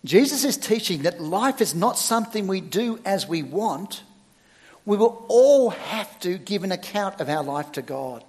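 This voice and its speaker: A middle-aged male minister delivering a sermon in a somewhat high voice. His pitch swings widely as he preaches, and he leans hard on key words with sudden loud stresses. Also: expressive, a little slow, long reverb tail. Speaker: church minister.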